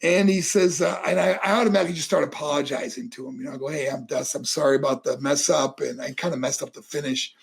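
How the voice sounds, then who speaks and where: A middle-aged man from New York tells stories in a raised, rough, husky voice with a gravelly edge. He spins casual anecdotes for an interviewer and slips into other people's voices as he goes. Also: fairly high pitch, fast talker, hardly any pauses. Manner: animated, acts out voices in anecdotes. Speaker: interview guest, former wrestler. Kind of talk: casual storytelling.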